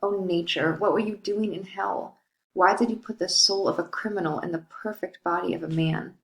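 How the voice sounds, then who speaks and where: A woman's voice: lowish voice, fairly even intonation, moderate pace, creaky, fairly bright tone. A woman reading the part of a grieving young bride in a plain, lightly dramatic way. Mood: anguished. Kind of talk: reading a modern-English play paraphrase. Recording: roomy echo.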